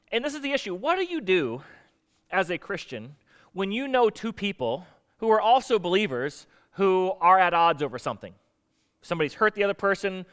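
A man's voice: on the high side, fairly bright tone, clear, resonant tone. A middle-aged man, a pastor from the United States, preaching a conversational sermon and acting out quoted voices.

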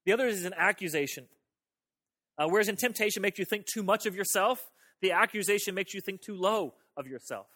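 A man's voice: high voice, expressive, a little fast, sharp tone. A man pastor preaching a sermon in a conversational way, often repeating words and talking straight to his listeners. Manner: conversational, repeats words, talks to the audience directly.

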